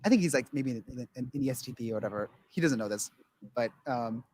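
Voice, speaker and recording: A man's voice: mid-range voice, fast, a little mellow. A man talking casually on a podcast, rambling with many restarts and acting out quotes of other people. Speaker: guest.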